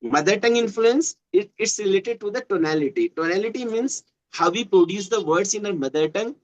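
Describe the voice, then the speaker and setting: A man's voice: high voice, animated, fairly quick, rough recording. A man from western Uttar Pradesh with an Indian English accent and Hindi as his first language. He explains things patiently in casual conversation practice and often repeats words while he searches for phrasing.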